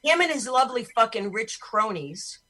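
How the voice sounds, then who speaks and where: A woman's voice: on the high side, expressive, moderate pace, sharp tone, poor audio. A woman hosting a podcast over a video call, talking in a blunt, profane, ranting way. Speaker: podcast host. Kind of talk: casual chat on a video call.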